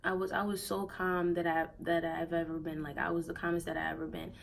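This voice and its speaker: A woman's voice: fairly low pitch, flat delivery, brisk, creaky, a little hiss or hum, low-quality recording. Emotional young woman telling a breakup story. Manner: emotional, conversational, repeats herself, slangy. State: near tears. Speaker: vlogger. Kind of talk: storytime vlog, casual.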